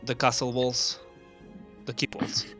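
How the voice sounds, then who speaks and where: A man narrating as game master of a tabletop game over a voice call, with many pauses and fillers. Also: mid-range voice, completely flat delivery, bright, forceful tone, faint music behind. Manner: laughs often, hesitant narration with fillers.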